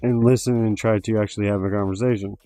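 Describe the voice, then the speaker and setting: A man with a low, dark voice hosts a loose livestream chat. He rambles, swears constantly and leans on fillers. The sound is dry and close, with faint music underneath. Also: steady tone, quick pace, no echo. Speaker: livestream host.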